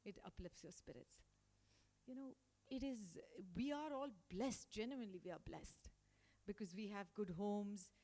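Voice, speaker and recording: A woman's voice: medium pitch, measured pace. A woman giving an emphatic motivational talk to school staff as a guest speaker. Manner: emphatic, acts out quotes in lively voices. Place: school hall. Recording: long hall reverb.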